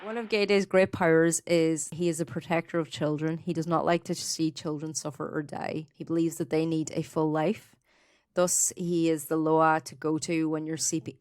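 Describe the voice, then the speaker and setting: A woman co-hosting a podcast, relaxed as she tells researched material in casual chat with some fillers. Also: low voice, no room sound, clean studio sound. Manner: relaxed storyteller, reading researched notes with fillers. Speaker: podcast co-host.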